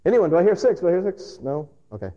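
A man voicing a brisk male auctioneer calling for bids at a slow sale. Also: sits high, sing-song, warm tone, in a large hall, muffled recording, voice pushed up. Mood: coaxing.

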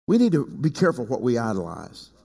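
A man preaching a sermon as pastor. He swings from loud, high passages to quiet low asides and calls on people in the congregation by name. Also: wildly swooping pitch, fast talker, vocal fry. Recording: long hall reverb.

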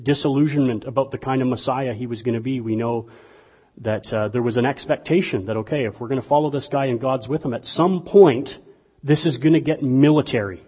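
Preacher with a husky voice in an echoing hall. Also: male voice, mid-range voice, brisk. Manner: animated, conversational preaching with sudden bursts of volume. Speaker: pastor. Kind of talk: sermon. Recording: dull lo-fi sound with long hall reverb.

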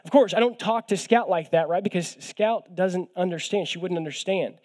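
Young adult man, guest preacher, sermon, conversational, self-deprecating humor, repeats words, slightly high-pitched. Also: moderate pace, darkish tone.

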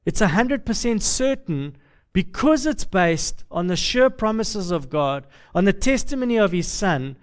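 A male preacher with a fairly high voice delivers a sermon. He speaks in a slow, measured, rhetorical way, stacking phrases and repeating them for weight.

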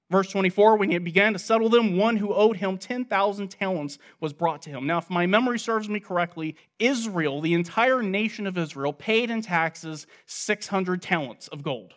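A man with a high voice delivers an earnest sermon, reading passages aloud and then explaining them. He speaks like a preacher leading a Bible study, working through the text one verse at a time. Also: brisk.

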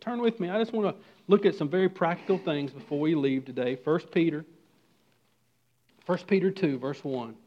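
A man with a somewhat high voice preaches a sermon to his congregation. He moves from loud, emphatic lines to hushed, quiet ones. The recording sounds dull and lo-fi. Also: moderate pace. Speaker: pastor.

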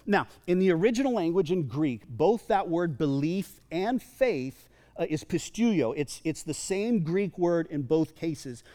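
A man's voice: fairly high pitch, unhurried. A man preaching a sermon to a congregation, conversational and joking with the crowd. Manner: lively, conversational, jokes with the congregation. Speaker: pastor. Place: church sanctuary. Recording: long reverb of a large hall.

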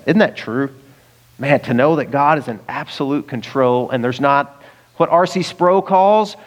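Speaking in a medium-pitched voice, a pastor from the United States preaches in a conversational style. He chuckles along the way and turns to address the listeners directly.

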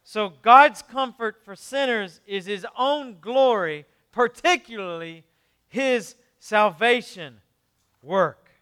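Preacher guy, bright ringing voice, talks casual then gets loud and punchy. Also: high voice, takes it slowly, smooth. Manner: conversational preaching with asides, swinging from quiet to emphatic. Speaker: pastor. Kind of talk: sermon.

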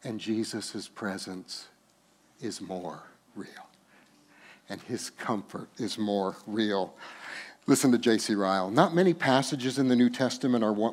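A man preaching a sermon as pastor, moving from hushed, slow tender passages to loud, laughing, emphatic bursts. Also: mid-range voice.

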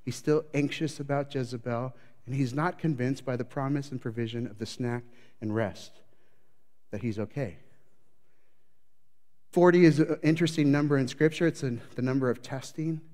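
Dramatic male preacher, loud then hushed. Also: moderate pace. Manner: dramatic storytelling, voicing the prophet's panic; varies loudness widely, building up then dropping low. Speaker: pastor. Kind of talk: sermon.

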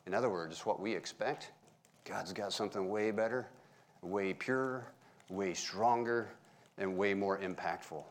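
A man's voice: lowish voice, measured pace. A middle-aged man giving a casual, joking sermon to his congregation. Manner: folksy, joking with the congregation, animated. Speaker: pastor. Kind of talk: conversational sermon.

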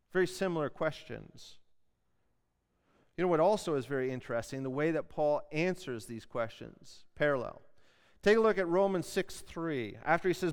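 A man's voice: on the high side, lively intonation, normal speed, clear, resonant tone. A man preaching a sermon as pastor, earnest and pressing hard on key words. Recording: long hall reverb.

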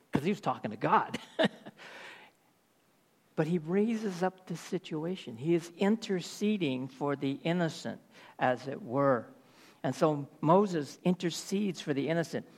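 A man's voice: on the high side, lively intonation, moderate pace, husky. A man preaching a sermon, reading Bible verses aloud and paraphrasing them with emphasis.

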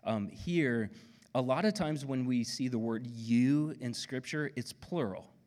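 A man with an Oklahoma accent preaching a sermon as pastor, conversational and animated, with playful asides. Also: medium pitch, unhurried. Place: church auditorium. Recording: long hall reverb.

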